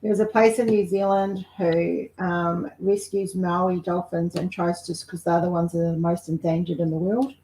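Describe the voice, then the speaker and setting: A woman chats casually with viewers while she paints on a livestream. Her voice is on the low side. The room sounds echoey, and a faint noise stays in the background. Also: little pitch movement, normal speed, few pauses, warm tone. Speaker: host of an art livestream.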